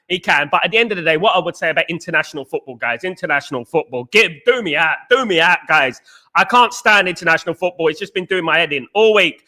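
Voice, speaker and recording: A man's voice: a little high, animated, fast talker, sharp tone. A young Englishman hosting a live football chat stream, talking animatedly, repeating phrases and greeting viewers. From England. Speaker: host.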